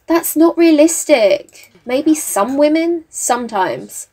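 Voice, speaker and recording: Woman, higher-pitched voice, casual gameplay chat, laughs often, bosses the characters around, home desk mic. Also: lively intonation, slow pace, mellow. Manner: chatty, laughs often, scolds game characters. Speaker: gaming YouTuber. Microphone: desk mic with face cam.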